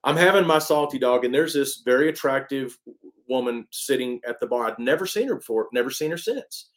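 Animated man telling stories. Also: mid-range voice, fairly quick. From East Texas. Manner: animated, emphatic storyteller with many restarts. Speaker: interview guest, country singer. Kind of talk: casual storytelling.

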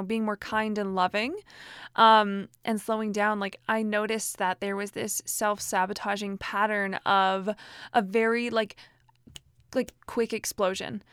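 A woman's voice: medium pitch, fairly bright tone, clear, resonant tone, dry recording, clean studio sound. A woman in her thirties giving casual self-help advice, chatty and full of fillers and restarts. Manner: chatty, many fillers and restarts, frequent laughs.

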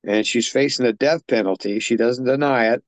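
A man's voice: mid-range voice, moderate pace, no room sound. Rambling man recapping a film. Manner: rambling plot recap with filler words. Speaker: podcast co-host. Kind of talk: casual film discussion.

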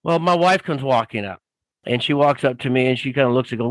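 Rambling, animated male storyteller. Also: medium pitch, fast talker, no echo, poor audio. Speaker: guest author. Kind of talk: casual storytelling.

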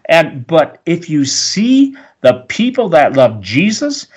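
A man's voice: a little high, wildly swooping pitch, slow, slightly rough, dull audio. An older man speaking as an interview guest, emphatic and preacherly, with rambling asides. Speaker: radio host, guest. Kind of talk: animated interview talk.

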